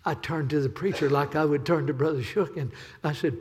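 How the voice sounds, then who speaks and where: A man's voice: on the high side, brisk, darkish tone. A man preaching an impassioned sermon as a visiting evangelist, pleading with repetition. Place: church sanctuary. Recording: reverberant church hall.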